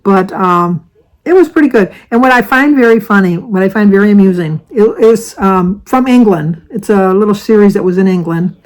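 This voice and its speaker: A woman's voice: medium pitch, moderate pace, low-quality recording. Older american lady just chatting away, rambly, fixes her own words a lot. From United States. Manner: rambling, chatty, self-correcting. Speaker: vlogger. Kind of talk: casual chat to camera.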